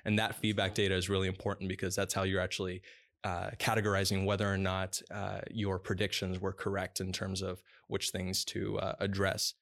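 Man, very deep voice, dog training business owner, explanatory interview talk, steady "uh" pauses. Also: creaky. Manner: fluent, explanatory, with frequent "uh" pauses.

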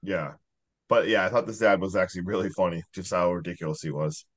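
A man's voice: sits low, fast talker. A man on a podcast video call, chatting casually about a movie, rambling with lots of fillers. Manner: rambling, lots of "like" and "I don't know". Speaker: podcast co-host.

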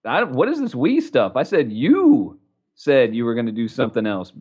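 A man's voice: mid-range voice, wildly swooping pitch, moderate pace, a little mellow, breathy edge. A man co-hosting a casual sports podcast, teasing and joking with friends. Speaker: podcast co-host. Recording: lo-fi, muffled mic.

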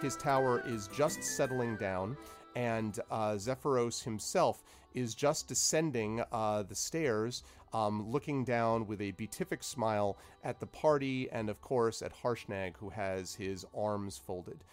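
A man as game master, narrating a tabletop game in a casual, relaxed way with many fillers. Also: medium pitch, measured pace, soft background music.

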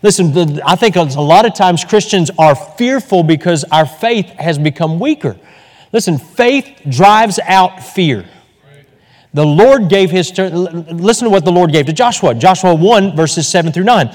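A man's voice: high voice, expressive, normal speed, a little mellow, long reverb tail. A man preaching a sermon as pastor, emphatic and fervent, repeating words for stress.

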